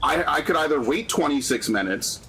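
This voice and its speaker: A man's voice: on the high side, expressive, a little fast, a bit bright, slightly rough. New male streamer, profane ranting storyteller, raised voice, faint music under. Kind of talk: casual chat.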